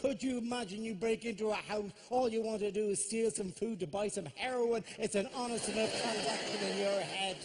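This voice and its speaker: An Irish man doing animated stand-up comedy on a live stage, jumping into voices for the people in his stories. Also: high-pitched, brisk, hardly any pauses. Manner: animated, theatrical, slips into character voices. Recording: live venue with audience noise.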